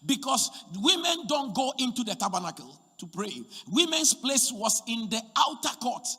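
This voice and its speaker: A man preaching a sermon as pastor, swinging from shouted appeals to hushed, near-whispered lines. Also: very high voice, sing-song, moderate pace, husky. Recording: long hall reverb.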